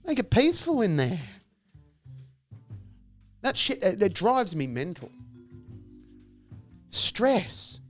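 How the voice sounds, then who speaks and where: Ranting man, lively swoops. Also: high voice, slow pace, long pauses, soft background music. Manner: exasperated ranting, profane, acts out noises. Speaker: stand-up comedian, podcast host. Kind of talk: comedic monologue.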